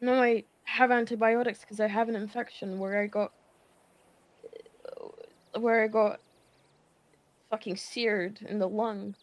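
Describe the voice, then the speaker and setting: A woman's voice: mid-range voice, level tone, unhurried, long pauses, lightly acted, poor audio. A woman playing a blunt, foul-mouthed young woman in a game role-play, her words slightly slurred. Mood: sulky.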